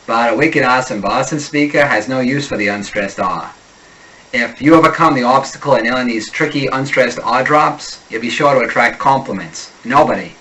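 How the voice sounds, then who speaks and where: A man teaching an accent lesson, slowly and deliberately drilling sample words. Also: medium pitch, sharp tone, recorded from a distance, rough recording. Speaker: accent coach.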